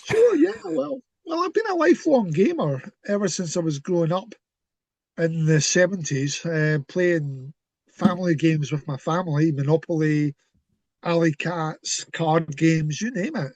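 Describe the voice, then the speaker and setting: A Scottish man in his fifties chats as an interview guest over a call. He is friendly and self-deprecating with a high-pitched voice, and the sound is dry and close. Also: expressive, measured pace, a little mellow, no echo. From Scotland. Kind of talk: casual interview chat. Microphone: remote call audio.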